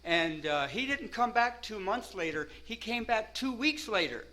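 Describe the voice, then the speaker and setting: A man's voice: high-pitched, animated, a little slow, sharp tone, a little hiss or hum, rough recording. A man telling a rambling first-person story, peppering it with "you know" and "man" and laughing at himself.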